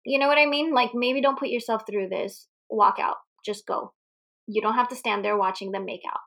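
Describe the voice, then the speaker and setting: A young woman co-hosting a casual movie recap podcast, animated and quick to laugh, swearing freely. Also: a little high, creaky. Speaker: podcast co-host.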